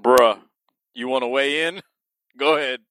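A man hosting a casual podcast, talking excitably, swearing and laughing often. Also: mid-range voice, a little slow, slight background noise. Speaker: podcast host.

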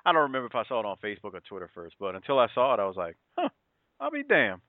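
A man interviewing a wrestler, chatty and excitable in a casual talk. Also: lowish voice, racing, dry recording. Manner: excitable, chatty, frequent agreeing. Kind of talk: casual interview over the phone. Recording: dry tinny phone line.

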